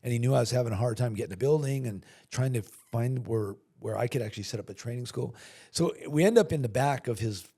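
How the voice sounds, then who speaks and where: A man's voice: medium pitch, fast talker, warm tone, slightly rough. A man guesting on a podcast, telling a personal story in a casual way and acting out the dialogue. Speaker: podcast guest, chamber of commerce chairman. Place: podcast studio.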